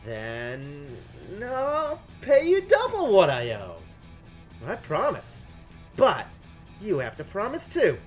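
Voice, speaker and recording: A woman's voice: medium pitch, huge pitch swings, takes it slowly, soft background music. A woman voicing an earnest young exile who eagerly pleads for a deal.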